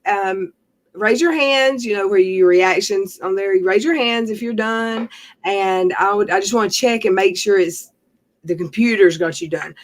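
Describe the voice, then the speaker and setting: A woman hosts a casual late-night livestream. She talks in a loose, rambling way, trails off often and laughs easily. Her voice sits at an ordinary middle pitch. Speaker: livestream host.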